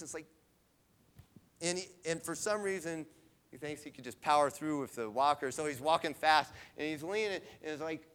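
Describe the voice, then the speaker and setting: A middle-aged devotional speaker tells a personal story conversationally, often checking in with listeners and adding "right?". His voice is fairly high, a bit bright, clear, and resonant.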